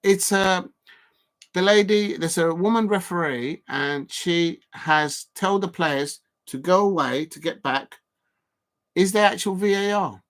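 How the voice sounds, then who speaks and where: A middle-aged man, chatting excitedly over a live football match on his stream and reading out comments from the chat. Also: high voice, a little slow. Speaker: football watch-along streamer. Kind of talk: live watch-along commentary.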